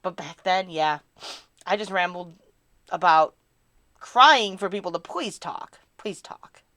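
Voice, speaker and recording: A woman's voice: on the low side, animated, a little slow, pushed and bright, no room sound. A woman chatting casually on a live stream, answering her chat in a rambling, candid and self-deprecating way.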